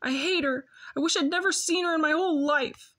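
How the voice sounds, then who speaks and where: A woman's voice: high voice, a little fast, a bit bright, voice pushed up. A woman voicing a grieving ten-year-old boy who is crying hard, choked and pleading. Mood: sobbing. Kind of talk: audiobook character voice.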